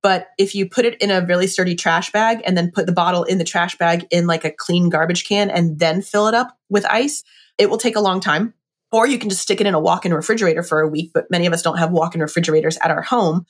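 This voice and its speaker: Chatty, low-voiced woman talking wine. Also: fairly even intonation, fast. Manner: chatty, enthusiastic, lots of fillers. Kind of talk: casual book discussion.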